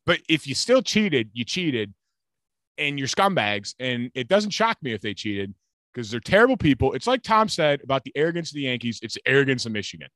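A man's voice: medium pitch, sing-song, a little fast, fairly bright tone, dry recording, clean studio sound. A man co-hosting a podcast, ranting hotly and cursing, mocking others in quoted voices. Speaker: podcast co-host. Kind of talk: ranting casual chat.

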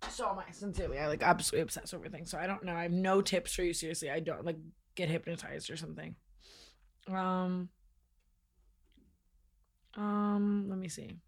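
A woman's voice: fairly low pitch, fairly even intonation. A young woman co-hosting a podcast in casual chat, rambling through stories with lots of "like" and laughter. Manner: fast rambling storyteller, full of "like" and laughs. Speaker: podcast co-host.

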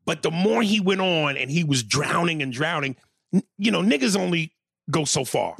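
A male stand-up comedian telling a story in a casual, profane, animated way, with many restarts. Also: a little high, normal speed, gravelly, husky, no echo, studio quality.

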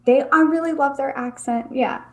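Young woman co-host, slightly high voice, earnest and reflective, casual chat. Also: moderate pace, a bit bright. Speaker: podcast co-host.

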